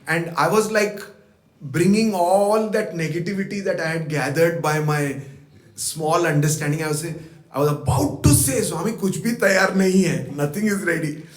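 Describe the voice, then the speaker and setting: A man's voice: a little high, moderate pace. A man with a slightly raised voice tells personal stories to a gathering, voicing the words of the people in them. His reflective talk rings in a roomy hall. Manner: reflective, retells events with quoted dialogue. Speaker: guest speaker at a devotional birthday program. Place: devotional center hall.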